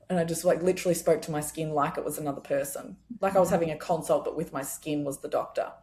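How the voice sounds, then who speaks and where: Candid, low-voiced woman chiropractor. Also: brisk. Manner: candid and expressive, swears freely. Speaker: chiropractor and podcast guest. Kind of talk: casual podcast conversation.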